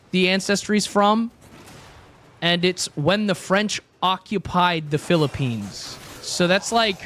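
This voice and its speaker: A young man with a high, light voice chats loosely with his stream audience, wandering from joke to joke. He talks in an offhand, rambling way, often stopping to restart his thoughts. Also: a bit bright. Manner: rambling, joking, talks to chat. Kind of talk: casual live-stream chat.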